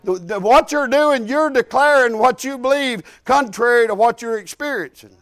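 A man's voice: very high voice, moderate pace, fairly bright tone. A man preaching a sermon, telling his own story in a folksy, emphatic way with many restarts. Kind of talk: sermon with personal testimony.

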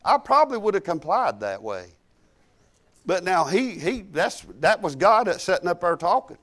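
Folksy preacher, slightly high voice. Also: male voice, sing-song, normal speed, fairly bright tone. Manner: folksy, conversational, chuckling. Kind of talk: storytelling sermon.

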